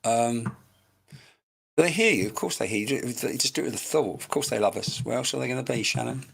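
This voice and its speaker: A man's voice: medium pitch, fairly quick, creaky, a bit bright, slightly rough. Chatty man giving a live reading. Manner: chatty, searching, talks straight to viewers by name. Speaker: psychic medium. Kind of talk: live-streamed mediumship reading. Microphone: computer microphone.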